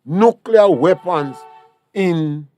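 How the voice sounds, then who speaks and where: A man's voice: high voice, expressive, extremely slow, a little mellow. A man with a Grenadian accent, a talk show guest, lecturing emphatically with rhetorical questions. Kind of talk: political talk show discussion.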